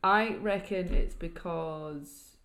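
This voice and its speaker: A young Scottish woman co-hosting a podcast, talking quickly and playfully in casual chat. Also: fairly low pitch, fairly bright tone. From Scotland. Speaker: podcast co-host.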